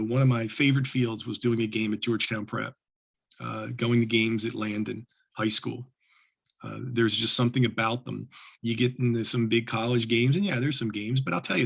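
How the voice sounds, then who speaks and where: Husky-voiced man telling officiating stories. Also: mid-range voice. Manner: animated storyteller, many restarts. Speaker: lacrosse official. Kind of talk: storytelling talk to officials.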